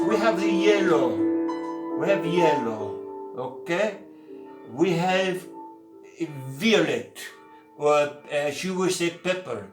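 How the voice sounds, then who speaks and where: An older man giving a casual painting lesson, joking and making theatrical asides to his viewers. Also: on the high side. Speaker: painting teacher. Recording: echoey room, mic at a distance, faint music.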